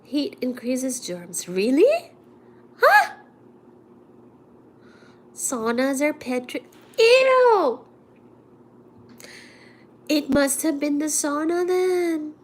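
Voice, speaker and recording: In a high voice, a coughing woman with a cold chats to her live audience, telling a story with animated indignation and performing what others said. She talks slowly but with few pauses.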